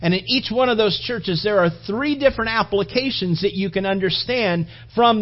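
A high-voiced man preaches a sermon, his pitch swinging widely as he acts out the voices in the passage. At times he drops to a hushed, almost whispered tone. The recording sounds dull and lo-fi. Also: normal speed, hardly any pauses. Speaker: pastor.

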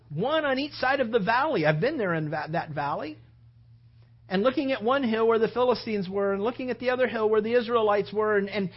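A male preacher tells a story in a loose, conversational sermon, lively and animated as he acts it out. His voice is slightly husky, and the recording sounds dull and lo-fi. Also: very high voice.

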